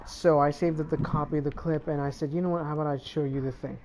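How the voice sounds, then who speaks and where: A man's voice: a little high, fairly even intonation, quick pace, darkish tone, a little hiss or hum. A man hosting a casual gaming chat, rambling and sliding into Spanish and Portuguese phrases. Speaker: channel host.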